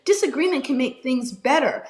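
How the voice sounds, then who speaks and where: A woman's voice: high voice, normal speed, reverberant. A woman NFL analyst talking passionately and with emphasis as a guest on a video call interview.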